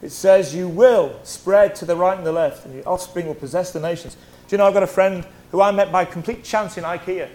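A male pastor, preaching a lively, conversational sermon full of humorous stories. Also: high-pitched, a little fast. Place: church hall.

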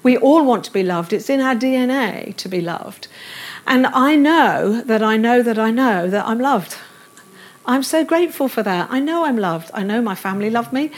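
Middle-aged lady preaching, higher voice, earnest, repeats herself for emphasis, bit of dry humor. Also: lively intonation, moderate pace. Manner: earnest, repetitive affirmations with light self-deprecating humor. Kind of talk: sermon. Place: church service room.

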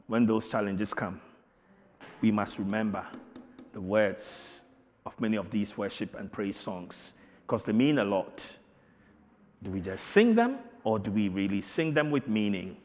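A man preaching a sermon with emphatic, swinging delivery, booming declarations dropping to quiet asides. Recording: long hall reverb.

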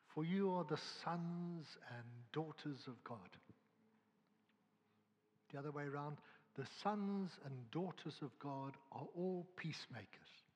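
Male preacher, fairly high husky voice, earnest, swings between forceful and hushed; long hall reverb. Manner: earnest, swings from loud emphasis to hushed tones. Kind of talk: sermon. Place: church or hall at a prayer gathering.

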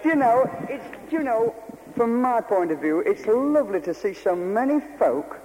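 A man's voice: high-pitched, mellow. An older man preaching a fervent, repetitive revival sermon to a congregation in a meeting hall.

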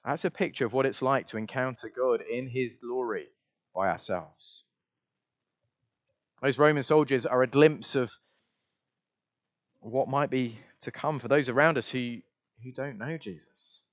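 A man preaching a sermon in an emphatic voice, repeating refrains and shifting his loudness widely. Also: medium pitch, measured pace, pauses often, lo-fi sound.

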